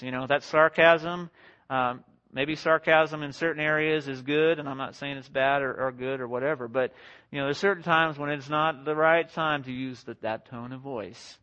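A young married man preaching a sermon to a congregation in a conversational, self-deprecating way, slipping into quick acted-out quotes. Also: on the high side, a bit bright. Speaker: pastor. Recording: dull lo-fi sound.

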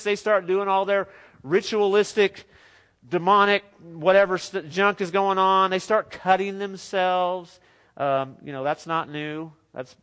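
A man preaching a sermon in a lively, conversational way with joking asides. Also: high-pitched.

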